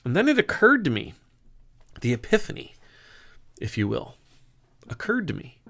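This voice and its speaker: A middle-aged man gives an informal, sermon-style faith talk, musing aloud with restarts and sudden bursts of emphasis. His voice is on the high side, gravelly and a bit bright, swooping wildly in pitch at a moderate pace.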